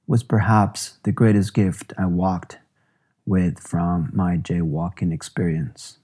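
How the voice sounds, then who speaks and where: A man reads his memoir in a reflective, measured way. His voice sits low and dark, with a husky grain. He takes his time with each phrase. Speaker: musician narrating his own memoir.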